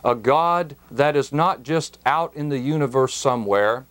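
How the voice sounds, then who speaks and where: A man teaching scripture on a broadcast program, speaking at an unhurried, measured pace. His pitch sits in a middle range, and he leans hard on the key words as he explains them. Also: a bit bright. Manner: slow, deliberate, emphatic on key words. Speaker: Bible teacher.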